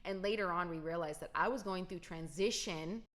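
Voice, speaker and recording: A woman's voice: fairly low pitch, normal speed, fairly bright tone. A young adult woman telling a personal story to her viewers in a casual, emphatic way. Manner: emphatic, talks straight to viewers. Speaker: vlogger.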